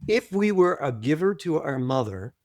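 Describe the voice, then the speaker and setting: A man guesting on an interview podcast, explaining things deliberately, repeating his points and often clearing his throat. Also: fairly high pitch, sing-song, darkish tone, no echo, clean studio sound. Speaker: guest, trauma author. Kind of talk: conversational interview, teaching.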